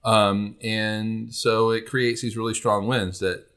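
Bright-voiced man hosting a podcast. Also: lowish voice, level tone, takes it slowly, clean tone. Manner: rambling, many fillers, laughs easily. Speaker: podcast host. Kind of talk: casual astronomy podcast chat.

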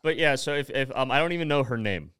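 Young man, smooth dry voice. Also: mid-range voice, expressive, fast talker, fairly bright tone, no echo. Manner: rambling, self-deprecating, nervous storytelling. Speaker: podcast co-host. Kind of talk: casual podcast chat.

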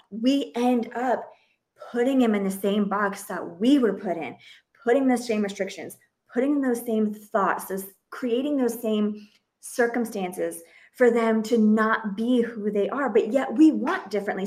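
A woman in her thirties hosts a casual podcast conversation as a parenting coach. Her voice sits fairly high, and she talks earnestly and expressively, often breaking off and restarting her sentences. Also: darkish tone.

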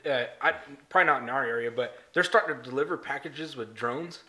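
A man telling crude stories in casual chat, animated and swearing a lot. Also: medium pitch, a little fast, crowd noise. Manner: animated storyteller, swears a lot, says dude.

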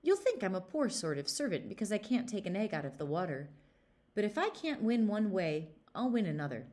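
Storybook weasel: small, brave, bragging, read by a woman in a lively voice. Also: mid-range voice, close to an everyday voice. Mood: boastful. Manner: swaggering, brisk and eager. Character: bold boastful little male weasel.

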